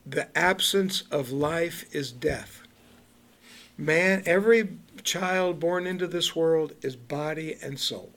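Slow, chatty male Bible teacher. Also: on the high side, a bit bright. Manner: conversational, asks the group questions and laughs often; reads scripture aloud in King James wording. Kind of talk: informal Bible teaching to a small group.

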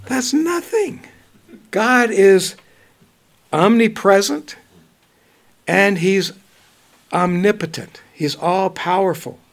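A man preaching a Bible study, reading verses slowly and then commenting in a relaxed, conversational way. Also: high-pitched. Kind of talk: bible teaching.

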